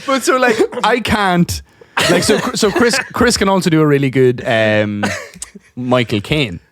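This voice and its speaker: A man from Ireland co-hosting a podcast in casual chat, animated and laughing as he tells stories. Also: fairly high pitch, measured pace. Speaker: podcast co-host.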